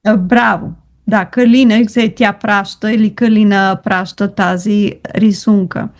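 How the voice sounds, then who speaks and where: A woman's voice: medium pitch, steady tone, normal speed. A woman teaching a language lesson over a video call, patient and encouraging, switching between languages. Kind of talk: online tutoring lesson.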